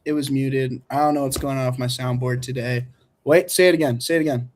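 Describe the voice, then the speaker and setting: A man's voice: mid-range voice, steady tone, brisk, a little hiss or hum. A man co-hosting a casual podcast and running the soundboard, loose and joking, swearing casually. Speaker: podcast co-host, runs the soundboard.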